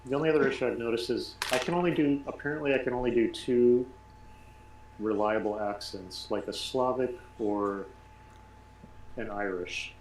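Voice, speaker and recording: A man playing in a tabletop game, chatting and joking in quick bursts after the session. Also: medium pitch, a little mellow. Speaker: player. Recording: echoey room with faint noise.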